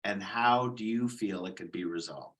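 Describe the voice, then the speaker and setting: A man interviewing a guest over a video call, asking questions in a measured, deliberate way. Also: fairly low pitch, a bit bright, low-quality recording.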